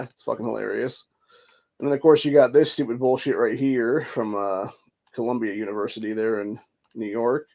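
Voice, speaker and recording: A man's voice: medium pitch, darkish tone. A man hosting a political podcast, talking in a rambling, profane way, full of fillers like "dude" and "bro". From Ohio. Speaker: podcast host. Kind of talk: casual political commentary.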